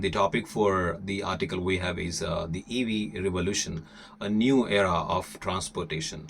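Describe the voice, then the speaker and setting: A man with an Indian accent, an English teacher reading an article aloud for learners, deliberate and often hesitating. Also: sits low, fairly even intonation, creaky, a little hiss or hum.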